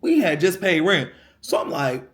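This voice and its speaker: Animated young man telling a story. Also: normal speed. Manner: animated storytelling, acts out quotes, swings from low mumble to high excited bursts. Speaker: vlogger. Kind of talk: casual storytime vlog.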